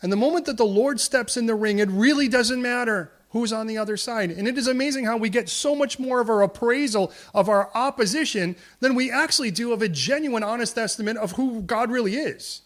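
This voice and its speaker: A male preacher delivers a sermon in a church, animated and full of jokes. His voice sits fairly high for a man. He slips readily into acted voices for the figures he describes. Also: a little fast, few pauses. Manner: lively and humorous, acts out quoted voices. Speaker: pastor.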